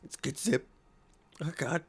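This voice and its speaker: Excitable man reacting out loud. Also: fairly high pitch, normal speed, slightly rough. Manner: excitable, thinking aloud, gushing. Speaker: reaction video host. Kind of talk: casual reaction commentary.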